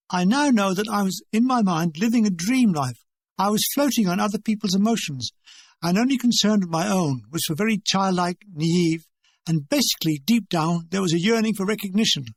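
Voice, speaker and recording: A man's voice: high voice, dry recording. An older English man reading his own war memoir in a dry, wry, conversational way. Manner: dry, wry and conversational, acting out remembered dialogue.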